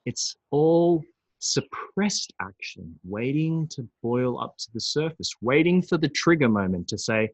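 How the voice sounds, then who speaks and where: A man presenting a recorded webinar on emotions, animated and acting out angry outbursts. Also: medium pitch, unhurried, dry recording, rough recording. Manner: animated, acts out angry voices.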